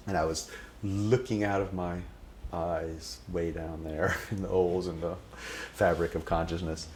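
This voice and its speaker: Deep-voiced man recounting a spiritual memory. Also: a little hiss or hum. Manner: animated, reverent, quoting others vividly. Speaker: storyteller. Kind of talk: personal anecdote with recited passages.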